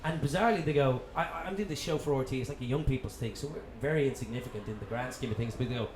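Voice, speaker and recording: An Irish man, a radio presenter guesting on a live comedy chat show, telling animated stories and swearing freely. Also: medium pitch, racing. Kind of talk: live anecdotal storytelling. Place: comedy club venue with live audience. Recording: echoey club room with audience noise.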